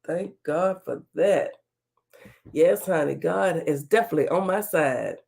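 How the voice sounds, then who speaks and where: Gravelly-voiced woman hosting a livestream. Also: deep voice, lively intonation, unhurried, darkish tone. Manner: chatty, folksy, greets viewers by name. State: recovering from illness, voice slightly off. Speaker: talk show host. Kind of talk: casual livestream chat greeting viewers.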